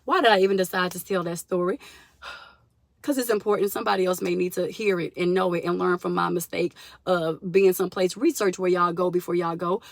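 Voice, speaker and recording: A young woman telling a story to her viewers in a casual, animated vlog, addressing them as y'all. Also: fairly low pitch, brisk, vocal fry, no room sound. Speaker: vlogger.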